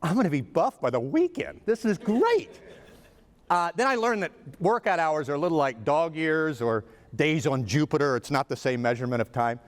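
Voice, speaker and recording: A man's voice: a little high, sing-song, normal speed. A man giving a humorous keynote speech, telling stories with comic asides. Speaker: motivational speaker. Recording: reverberant hall.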